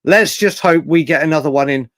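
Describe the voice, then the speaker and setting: A man's voice: a little high, fairly quick, a bit bright, no room sound. Chatty man hosting a livestream. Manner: chatty, banters with viewers by name, laughs often. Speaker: livestream host. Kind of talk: casual live-stream chat.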